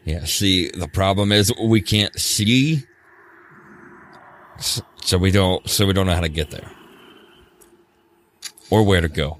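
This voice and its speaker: A man's voice: deep voice, slow, long pauses, slight background noise. A young man playing a tabletop game, talking hesitantly and doubtfully with stumbling restarts. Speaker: player. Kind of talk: casual game chat.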